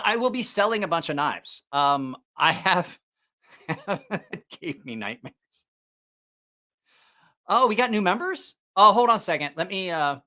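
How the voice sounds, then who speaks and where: A man's voice: sits high, pushed and bright. A middle-aged man hosting a casual livestream, rambling with lots of fillers and restarts. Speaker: knife channel host.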